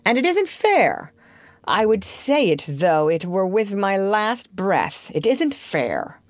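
A woman's voice: fairly low pitch, big pitch swings, unhurried, no room sound. A woman playing a pompous, sulky father. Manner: blustering and self-pitying. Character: pompous, sulky middle-aged father, proud and childish.

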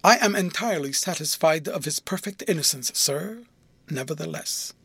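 A man's voice: on the high side, animated, normal speed, gravelly, fairly bright tone, husky, no room sound, full character voice. A man voicing an earnest, deferential minor canon in an audiobook, speaking respectfully and a little falteringly. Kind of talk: audiobook character voice.

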